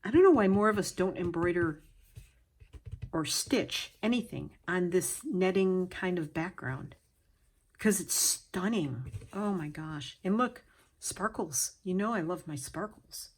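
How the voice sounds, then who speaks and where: Her voice is lowish and husky, animated yet a little slow, as this craft vlogger opens a gift package on camera. She exclaims and gasps with delight at each piece, now and then whispering, in a relaxed unboxing chat, moving her stand-mounted camera by hand.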